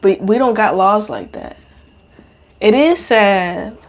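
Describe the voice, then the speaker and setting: A young woman talks straight into a podcast mic in a loose, rambling monologue. Her speech is slangy and heavy with cursing and fillers, and her pitch sits in the middle range for a woman. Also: animated, slow. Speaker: podcast host. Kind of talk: casual monologue.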